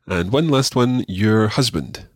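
Low-voiced man teaching a language. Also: lively intonation, slightly rough, dry recording, studio quality. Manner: patient, encouraging, repeats words slowly. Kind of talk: radio language lesson.

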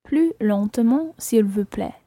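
A woman's voice: on the high side, lively intonation, a little slow, warm tone, dry recording. A woman learning a language on a podcast, carefully repeating short phrases after the teacher.

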